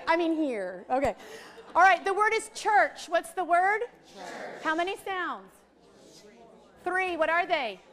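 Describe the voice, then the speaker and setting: A middle-aged woman, leading a lively, chatty teacher training workshop for a group in a training room. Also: very high voice. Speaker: literacy trainer.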